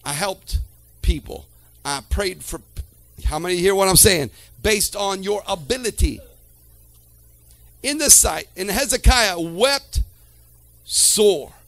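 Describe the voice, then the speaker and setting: A man preaching a sermon to a church congregation, swinging from quiet talk to shouted lines and calling out to the room. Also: sits high, lively intonation, slow, vocal fry, pauses often, no echo. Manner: calls to the congregation.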